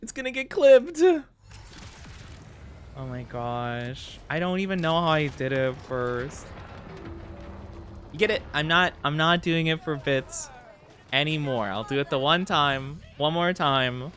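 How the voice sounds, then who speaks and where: A man streaming a game and chatting playfully with his viewers, rambling and giggling, with sudden high squeaks. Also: animated, measured pace, pauses often, fairly bright tone, slight background noise. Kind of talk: casual live-stream chat while gaming.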